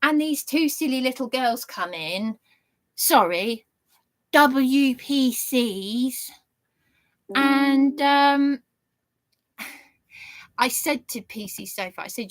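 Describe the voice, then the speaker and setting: Woman ranting into her camera, cross and sarky, higher voice, dry sound. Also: slow, pauses often, no room sound. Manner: indignant and ranting, sarcastic jabs. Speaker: vlogger. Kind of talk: angry monologue to camera.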